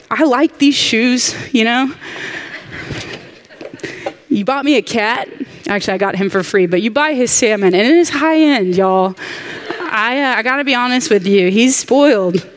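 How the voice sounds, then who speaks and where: An earnest woman leads a women's Bible study with heartfelt, chatty teaching. She talks warmly and directly to the group, and jet lag has left her sounding a little tired. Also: a little high. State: jet lagged.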